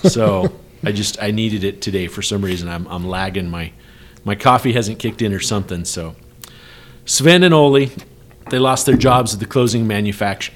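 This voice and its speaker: Laughing man telling a joke story. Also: lowish voice. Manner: laughs a lot while telling jokes. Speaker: podcast co-host. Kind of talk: casual workplace podcast chat.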